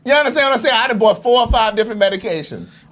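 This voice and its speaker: A podcast co-host in casual comedic chat, blunt and quick to laugh. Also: mid-range voice, slight background noise. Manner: animated, laughing, blunt and profane.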